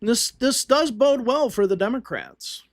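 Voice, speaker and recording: A man's voice: very high-pitched, expressive, measured pace, no room sound, clean studio sound. A man hosting a livestream, casually commenting on election results and thinking aloud with frequent restarts. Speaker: livestream host.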